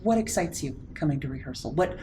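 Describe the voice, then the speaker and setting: A woman's voice: deep voice, lively intonation, fast, warm tone, a little hiss or hum. A woman interviewing an actor, asking questions in a friendly, conversational way. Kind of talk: casual interview.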